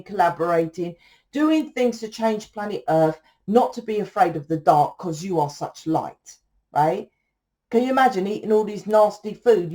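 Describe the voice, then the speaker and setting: Lady tarot reader ranting away, swears a lot, keeps going "right?", mellow warm voice. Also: medium pitch. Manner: blunt and profane, rambling, tags sentences with "right?". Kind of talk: casual spiritual monologue.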